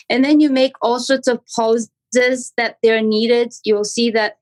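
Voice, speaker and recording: Woman podcast guest, real estate agent, higher voice, animated and chatty. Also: moderate pace, hardly any pauses, poor audio. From Canada. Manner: animated, acts out phone calls with intonation. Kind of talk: casual interview talk.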